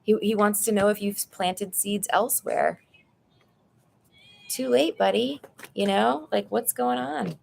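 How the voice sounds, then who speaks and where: A woman with a creaky, medium-pitched voice does a live tarot reading into her phone from a room in her apartment, with slight noise in the background. She's chatty and blunt and calls the viewer "girl."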